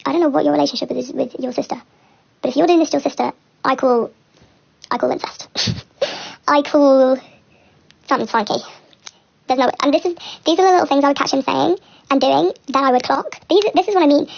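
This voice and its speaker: A young woman speaks in a high, gravelly voice full of fry. She rambles quickly through a personal story on a livestream, candid and laughing nervously, and the lo-fi stream audio sounds dull.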